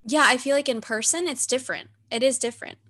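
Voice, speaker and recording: A young woman co-hosts a podcast in relaxed, rambling chat. Her voice sits a little high, and she giggles often as she talks. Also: quick pace. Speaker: podcast co-host. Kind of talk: casual chat.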